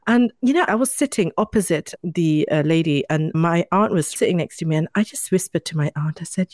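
A woman's voice: lowish voice, fast talker, dry recording, clean studio sound. A woman telling a personal story in casual chat, acting out the voices of the people in it. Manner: animated, acts out quoted voices.

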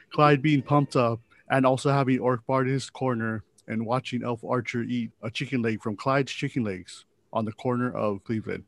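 A man's voice: medium pitch, fairly even intonation, moderate pace, vocal fry, no room sound. A man narrating as game master of a tabletop game, with joking asides and frequent laughs.

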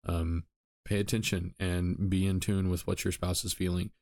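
Low-voiced rambling male podcast host. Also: flat delivery, normal speed, darkish tone, no room sound, studio quality. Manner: rambling, self-correcting, frequent ums. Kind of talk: solo podcast talk.

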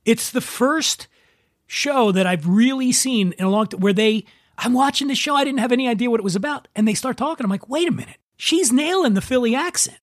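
A man's voice: very high voice, fairly quick, dry recording, studio quality. A man with a Philadelphia accent hosting a podcast, chatting casually with a guest over drinks. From Philadelphia, USA. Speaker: podcast host. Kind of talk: casual chat.

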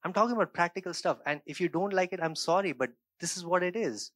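A man delivers an earnest sermon in a somewhat high voice, dropping into quiet reflective passages before rising into emphatic bursts. He often checks in with his listeners, asking "right?" and "okay?" The sound is dry and close to the mic. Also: fast talker, no room sound. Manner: shifts between quiet reflective stretches and raised emphatic bursts. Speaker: pastor.

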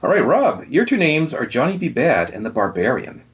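Husky-voiced man hosting a trivia game. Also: medium pitch, very animated, normal speed. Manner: reads out questions and answers, laughs easily. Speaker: podcast host running a trivia game. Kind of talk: casual podcast quiz. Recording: dull lo-fi sound.

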